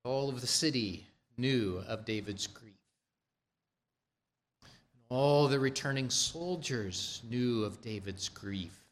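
A man delivering a sermon at an unhurried pace, walking listeners through a scripture story with careful, measured phrasing. His voice sits at an ordinary middle pitch, and he slips into the quoted speeches of the characters as he goes. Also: animated. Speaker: preacher.

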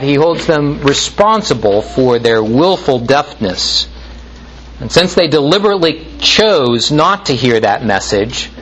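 A man's voice: mid-range voice, a bit bright, a little hiss or hum, poor audio. A man preaching a sermon in an earnest, exhorting manner, sometimes restarting his phrases.

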